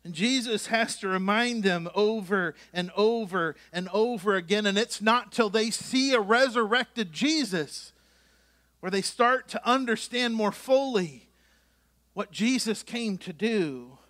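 A man preaches a sermon with a high, bright voice. He reads scripture and then slips into conversational, joking asides. Now and then he acts out the disciples' lines in quick voices. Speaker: pastor.

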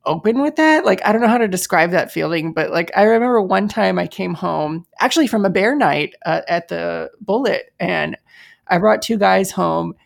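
A woman's voice: on the low side, animated, moderate pace, gravelly. A woman in a candid podcast chat, telling stories in a rambling way full of fillers.

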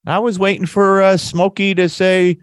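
A man's voice: sits high, level tone, normal speed, clear, resonant tone, dry recording, clean studio sound. A man hosting a talk radio show, rambling and correcting himself, with lingering congestion. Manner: rambling, self-correcting, laughs mockingly. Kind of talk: conservative talk radio commentary.

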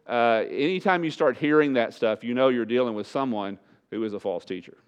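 A man's voice: fairly quick, smooth. Emphatic man preaching a sermon. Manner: emphatic, repeats key phrases. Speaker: pastor. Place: church sanctuary. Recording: dull low-fidelity church recording.

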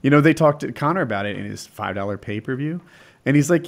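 A man in casual chat, telling fight stories in an animated, excitable way. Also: medium pitch, fast, gravelly.

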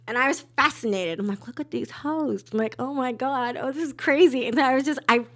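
A young adult woman, a podcast guest, telling a story in casual chat, animated and swearing freely as she acts out quotes. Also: high-pitched, quick pace.

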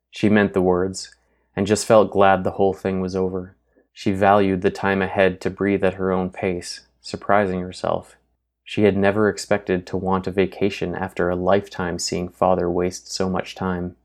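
A man reading a novel aloud as an audiobook narrator in steady, even storytelling. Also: sits low, moderate pace. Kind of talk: scripted narration.

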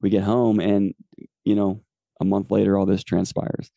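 A man's voice: fairly low pitch, little pitch movement, moderate pace, gravelly, dark tone, dry recording. A man in his forties, a podcast host telling a personal faith testimony in an earnest, rambling way with many fillers. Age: 40s.

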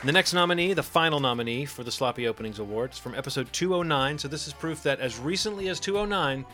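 A man hosting a podcast in casual chat, announcing segments in a wry, quick way from a home mic. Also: a little high, music in the background, crowd noise. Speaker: podcast host.

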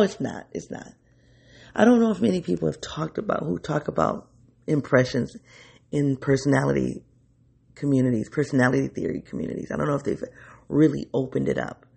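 A man's voice: a little high, vocal fry, a little mellow, slightly rough. A man hosting an unscripted solo podcast in his early-morning voice, rambling and correcting himself as he thinks aloud. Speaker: podcast host.

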